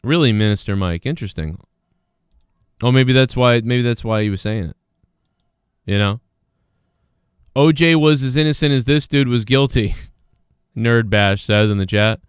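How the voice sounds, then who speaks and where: A man's voice: medium pitch, moderate pace, pauses often, smooth, no room sound, studio quality. A man hosting a livestream, rambling in casual commentary with many fillers and restarts, sometimes sarcastic as he reads the chat. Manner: sarcastic, mocking. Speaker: livestream host reading chat.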